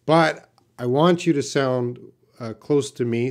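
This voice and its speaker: A man's voice: medium pitch, moderate pace, a little mellow. A Canadian man, an English teacher, answering viewers' questions patiently in a live-stream lesson.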